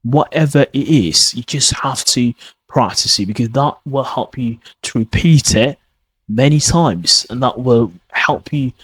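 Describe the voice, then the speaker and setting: A man's voice: mid-range voice, unhurried, slightly rough, dry recording. A man hosting a podcast lesson on pronunciation, talking casually with lots of fillers and encouraging repetition. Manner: rambling, frequent fillers like "I mean" and "kind of"; encouraging, repeats key points. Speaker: English pronunciation teacher, podcast host.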